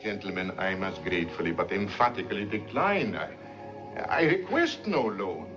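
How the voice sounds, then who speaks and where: An actor playing a principled prime minister in a 1950s film, speaking in a formal, measured and dignified way. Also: male voice, low-pitched, lightly acted. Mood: earnest. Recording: dull 1950s film soundtrack with music.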